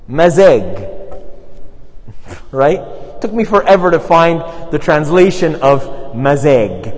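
Priest preaching in a reverberant church. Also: male voice, a little high. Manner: relaxed, chatty, with frequent asides and fillers. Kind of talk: conversational sermon storytelling.

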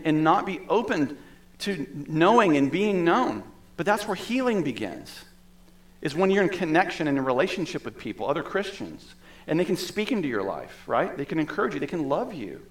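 A male pastor preaching a sermon in a conversational way, with asides and the odd laugh. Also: a little high.

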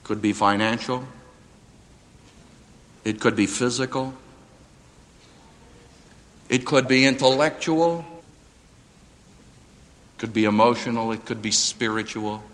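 A man preaching a sermon to a live audience, with dramatic emphasis that rises to near-shouts on quotes. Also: medium pitch, slow, long pauses. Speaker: preacher and seminary professor. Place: auditorium before a live audience. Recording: hall reverb, radio broadcast.

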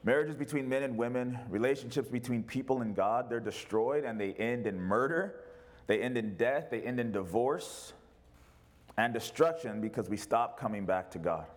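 A man's voice: medium pitch, moderate pace. A male pastor preaching a sermon in an emphatic, repetitive way.

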